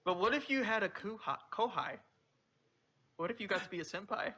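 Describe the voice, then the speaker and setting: High bright-voiced joking man. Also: animated, fairly quick. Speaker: player. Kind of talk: casual tabletop play.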